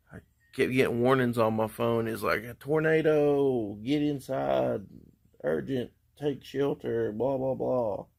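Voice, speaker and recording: Gravelly low-voiced man rambling on a porch. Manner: rambling, easygoing storytelling. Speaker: live streamer. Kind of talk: casual livestream chat. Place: outdoor porch.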